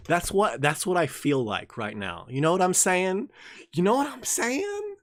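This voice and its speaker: Young man, reading-group host, jokey tangents, lively rising pitch, dry close sound. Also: normal speed, no echo. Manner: animated and jokey, swings from excited outbursts to low mumbles; reads passages aloud, then rambles in tangents. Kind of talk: casual reading and commentary livestream.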